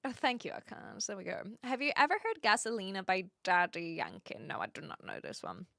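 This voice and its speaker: Young woman streamer, chatty and giggly, reads chat aloud; lively delivery, dry close mic. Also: medium pitch, fairly quick, gravelly, dry recording. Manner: chatty, laughs often, greets viewers by name. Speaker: livestream host. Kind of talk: casual livestream chat, reading viewer comments.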